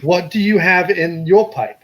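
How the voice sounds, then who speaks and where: Man hosting a call-in chat, joking, teasing, slightly high voice, video call mic. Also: unhurried, fairly bright tone, husky, rough recording. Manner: joking, teasing, laughs often. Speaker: podcast host.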